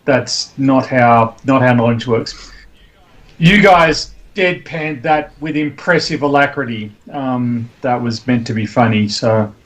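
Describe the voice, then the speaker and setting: A man in casual chat on a live stream, joking in a dry, deadpan way. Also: medium pitch, takes it slowly, low-quality recording.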